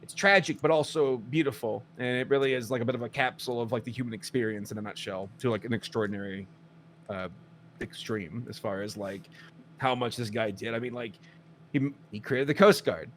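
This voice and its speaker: A man chatting casually as a podcast co-host, mid-pitched and full of animated, acted-out asides. His delivery swings between quick bursts and drawn-out pauses, with a faint hiss of background noise. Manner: animated storyteller, acts out quotes, swears. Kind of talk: casual chat.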